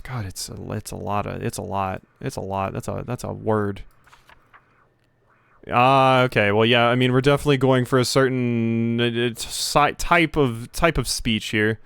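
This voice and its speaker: A man's voice: medium pitch, moderate pace, gravelly, fairly bright tone, clear, resonant tone, dry recording. A man casually commenting on a video game as its host, rambling and self-deprecating, often stumbling over words. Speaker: let's play host.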